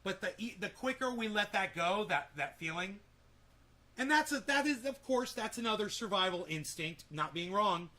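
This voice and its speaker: A man's voice: high-pitched, expressive, normal speed, sharp tone. A man hosting a livestream, chatting in a rambling, laid-back way and swearing casually. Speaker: livestream host.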